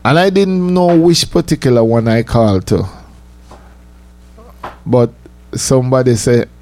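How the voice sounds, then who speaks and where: A man's voice: mid-range voice, measured pace, long pauses, dark tone. A man, telling a casual personal story, chatty and laughing often. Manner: chatty, laughing, repeats himself, says "you know" often.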